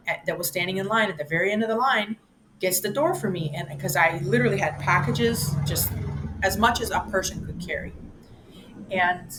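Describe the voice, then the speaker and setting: A woman's voice: mid-range voice, noisy background. A woman in her fifties telling a personal story, rambling and breaking off mid-sentence, acting out the voices in it. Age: 50s. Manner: animated, acts out her own voice and others' in the story; rambling, self-interrupting. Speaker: vlogger.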